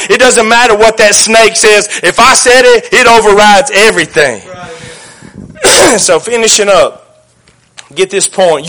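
A man preaches in a folksy, joking way, and he leans hard on his points. His voice sits high for a man and rings bright and forceful. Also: measured pace, pauses often. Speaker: pastor. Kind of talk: sermon.

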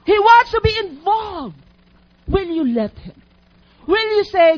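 A woman's voice: very high-pitched, big pitch swings, slow pace, long pauses. A woman preaching a sermon in an emphatic, teacherly way, asking her listeners questions. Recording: dull lo-fi recording.

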